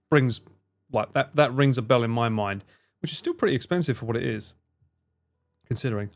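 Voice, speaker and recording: A man chatting casually on a live stream, rambling and swearing now and then as he reads out and answers viewers' messages. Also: medium pitch. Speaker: livestreamer reading and answering chat.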